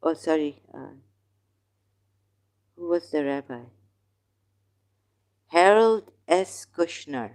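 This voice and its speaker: Host for a slow, argumentative solo commentary; non-native English, mellow low-key tone. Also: expressive, clean tone. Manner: rambling, argumentative, questions the listener. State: in neck pain, groaning. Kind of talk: casual religious commentary monologue.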